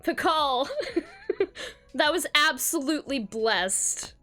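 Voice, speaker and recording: A high, bright woman's voice reading fan fiction to her stream, laughing often and gushing between sentences. Her pitch swings widely and she reads at an unhurried pace. Faint music plays behind her. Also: animated. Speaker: streamer host.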